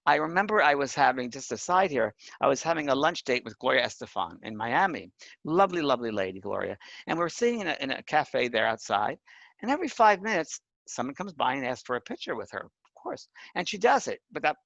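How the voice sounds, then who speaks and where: A man's voice: mid-range voice, big pitch swings, fairly quick, gravelly, a bit bright, dry recording, highs cut off. A man teaching a course on mediumship, talking earnestly and emphatically and checking in with his listeners. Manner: earnest, emphatic, often asks the listener "right?". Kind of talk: spoken lesson.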